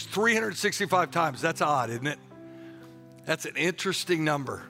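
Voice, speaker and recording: A man's voice: fairly high pitch, lively intonation, normal speed, creaky, bright, forceful tone, soft background music. A man preaching a passionate sermon, leading the congregation in call-and-response declarations and breaking into joking asides. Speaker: pastor.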